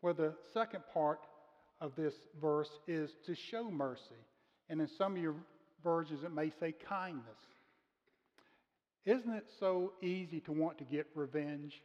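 A man's voice: fairly high pitch, darkish tone. Male pastor preaching in a reverberant hall. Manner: earnest, measured preaching with slowed emphasis on key words. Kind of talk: sermon. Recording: muffled sound with long reverb of a large room.

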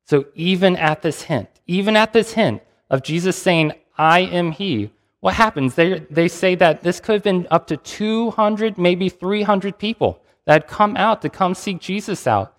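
A man's voice: high-pitched, lively intonation, a little slow, few pauses, big-room sound. A man preaching a sermon, reading scripture and retelling it in a conversational way with restarts.

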